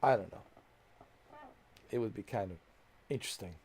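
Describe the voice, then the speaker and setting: A man's voice: on the low side, normal speed, darkish tone, slight background noise. A man commentating casually over a story game, joking about dubbed films and laughing often. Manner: joking, mimics foreign accents and dubbing, laughs often. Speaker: gameplay streamer.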